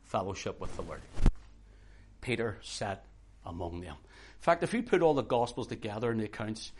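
A man preaching a sermon with passion, moving from hushed, quiet passages to loud, urgent outbursts. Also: fairly low pitch, expressive, moderate pace, background noise. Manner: impassioned, swings from hushed to shouting.

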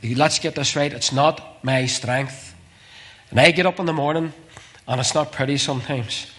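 A man preaching a sermon with passion, repeating phrases and swinging from urgent calls to hushed, near-whispered lines. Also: medium pitch, fairly even intonation, moderate pace.

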